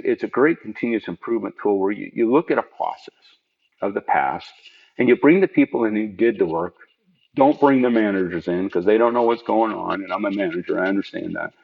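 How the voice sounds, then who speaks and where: A man, a program manager, telling an interviewer about his work in an earnest, emphatic way and jumping up in pitch to stress his points. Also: vocal fry. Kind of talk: conversational storytelling in an interview. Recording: dull lo-fi audio.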